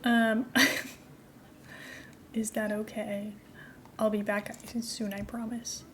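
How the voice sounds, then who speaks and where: A woman's voice: mid-range voice, level tone, very slow, fairly bright tone, slight background noise. A woman streaming a building game, chatting casually and giggling as she talks to herself and her viewers.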